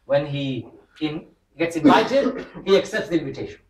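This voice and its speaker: An imam addresses his congregation in a mosque hall, telling stories with humor and acting out the voices of those he quotes. His voice is fairly high and expressive, at a normal speed. The roomy hall and distant mic shape the sound.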